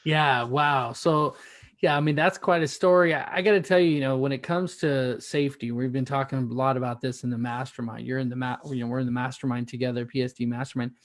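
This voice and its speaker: A man's voice: medium pitch, steady tone, brisk, no room sound. A male podcast host interviewing a guest, rambling and encouraging with frequent restarts. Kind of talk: casual interview hosting.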